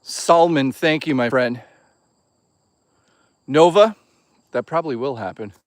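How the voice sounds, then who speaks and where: A man talking casually to his live chat while walking outdoors in the woods, excitable, joking and swearing a lot. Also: mid-range voice, measured pace, dry recording. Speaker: live streamer. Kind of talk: casual live-stream chatter.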